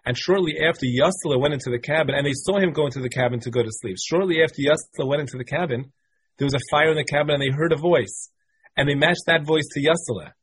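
A man's voice: a little high, husky. A man teaching a Talmud class, reading passages from the text, translating them and explaining step by step with many repeated phrases.

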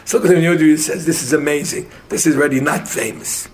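Man arguing a Talmud passage, mid-high voice. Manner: argumentative, quick, mixing English with Hebrew and Aramaic terms. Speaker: Talmud study partner. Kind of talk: casual Talmud study session.

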